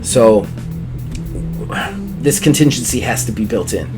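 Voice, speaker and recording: A man's voice: fairly low pitch, unhurried, music in the background, voice pushed down, close to an everyday voice. A man voicing a firm, businesslike male official in a tabletop game.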